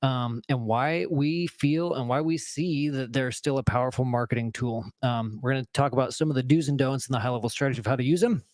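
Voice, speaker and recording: An upbeat man hosting a live marketing show in a friendly, casual tone. His voice sits at a middle pitch. The sound is dry and close. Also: brisk, hardly any pauses, darkish tone, dry recording. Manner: upbeat, friendly, filler-heavy.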